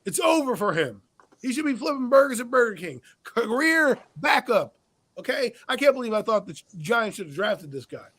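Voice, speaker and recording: Male podcast host, high-pitched, blunt and opinionated, casual sports chat. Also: big pitch swings, normal speed, a bit bright.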